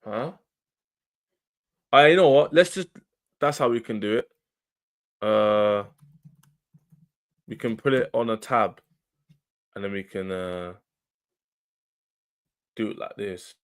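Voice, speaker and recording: A man's voice: lowish voice, slow, pauses often. A man hosting a football livestream, talking casually and animatedly to his chat in slang. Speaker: football channel livestream host.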